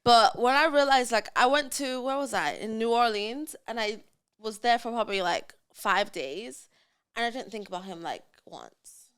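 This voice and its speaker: A woman's voice: a little high, animated, normal speed, clean tone. A woman hosting a casual podcast chat, telling a dating story and laughing often. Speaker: podcast host.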